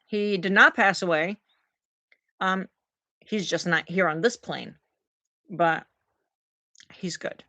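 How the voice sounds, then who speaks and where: A middle-aged woman vlogging, telling a personal story in an emotional, animated way to camera. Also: on the low side, slow, pauses often, no echo. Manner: emotional, animated, talks to her dogs mid-story.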